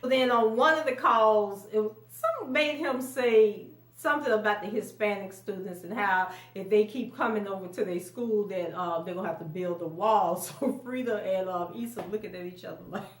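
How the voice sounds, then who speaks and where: A woman's voice: mid-range voice, moderate pace, hardly any pauses. Woman, TV recap vlogger, casual and chatty, laughs a lot, echoey room, distant mic. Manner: chatty, laughs often, acts out quotes in a raised voice. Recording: roomy echo, mic at a distance.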